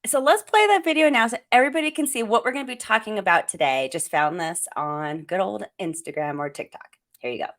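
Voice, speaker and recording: A middle-aged woman hosts a parenting talk show, her mid-range voice working through her thoughts out loud. She speaks in a reflective, conversational way, pausing to find her words. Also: mid-range voice, animated. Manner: reflective, thinking aloud.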